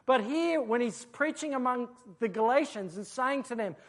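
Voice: mid-range voice, expressive, normal speed. A preacher giving an expository sermon, explaining a passage and asking rhetorical questions.

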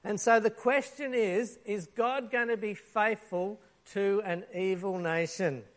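A man preaching a sermon, telling a Bible story in a lively way, acting out the lines and using props. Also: sits high, measured pace.

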